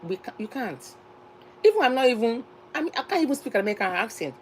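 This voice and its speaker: A woman's voice: fairly high pitch, big pitch swings, fast talker, slight background noise, rough recording. A woman from Nigeria with a Nigerian accent, hosting a casual live stream chat and talking in a chatty, repetitive, emphatic way.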